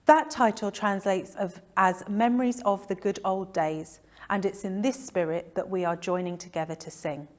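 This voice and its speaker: Woman presenter, mid-pitched, calm and measured, remembrance service address.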